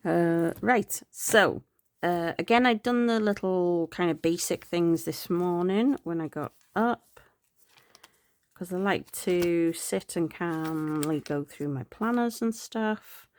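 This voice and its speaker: A middle-aged woman vlogs about her planners, speaking slowly in a lowish voice. She's tired and yawning, rambling along, correcting herself and laughing softly.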